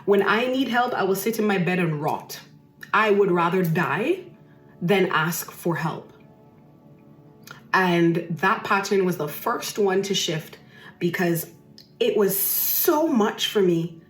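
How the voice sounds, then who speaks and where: Expressive woman, roomy echo. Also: fairly low pitch, slow pace, pauses often, soft background music. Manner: emphatic, repeats phrases for effect. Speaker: podcast host. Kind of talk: personal storytelling monologue.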